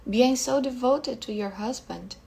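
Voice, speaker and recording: A woman reading as a quiet, polite male lawyer. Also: fairly high pitch, unhurried, gravelly, breathy edge, heavily acted. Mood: formal.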